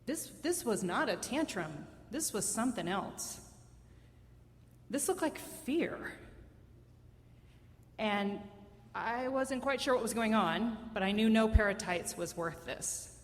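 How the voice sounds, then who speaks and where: A woman's voice: a little high, animated, slow, long pauses, in a large hall. A woman in her fifties telling a personal story live on stage, conversational, wry and self-mocking.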